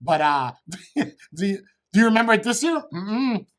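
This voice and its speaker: A man's voice: high-pitched, very animated, normal speed, fairly bright tone. A middle-aged man telling crude, rambling comic stories to a live chat and swearing constantly. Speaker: comedian streamer.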